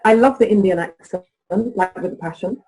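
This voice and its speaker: Woman, relationship coach, interview guest, husky, animated, storytelling. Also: medium pitch, brisk, poor audio. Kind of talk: interview conversation.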